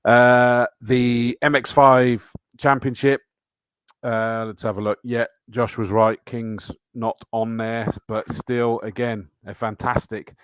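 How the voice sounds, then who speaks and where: A man's voice: medium pitch, little pitch movement, slow pace, fairly bright tone, clean tone, no echo. A middle-aged man with a chatty, matey manner, hosting a motor racing live stream and reading out viewer comments. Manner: chatty, matey, reads out comments and entry lists. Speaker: host.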